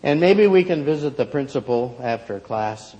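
A man's voice: medium pitch, lively intonation, normal speed, dark tone, long reverb tail, lightly acted, rough recording. A man voicing an impatient, dismissive schoolteacher in a told story.

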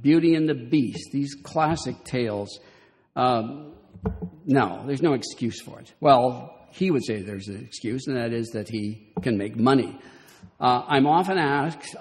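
An older man from Southern California gives a wry, measured talk and reads passages aloud with expression. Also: medium pitch, a little mellow. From Southern California, USA. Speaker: speaker on children's literature. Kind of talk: lecture with read-aloud passages. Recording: long reverb of a hall.

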